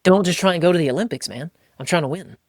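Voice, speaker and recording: A man from the United States co-hosts a podcast in a blunt, energetic way, slipping into mimicked voices. His voice sits fairly high, and the sound is dry and close. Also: fast talker, no room sound. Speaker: podcast co-host. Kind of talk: casual podcast chat.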